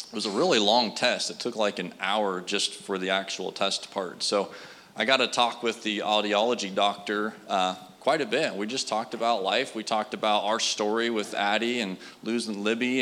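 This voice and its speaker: An earnest man in his thirties preaching to a church, slipping into easy storytelling with lots of "uh" and "like". His voice sits a little low yet rings bright and forward. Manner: earnest, conversational with frequent fillers. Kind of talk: sermon storytelling.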